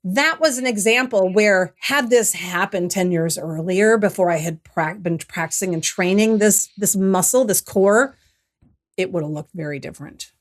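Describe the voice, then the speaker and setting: Here a middle-aged interview-show guest tells a story from her own life, her mid-range voice moving at an ordinary speed. What begins thoughtfully turns animated in the retelling, with many restarted sentences.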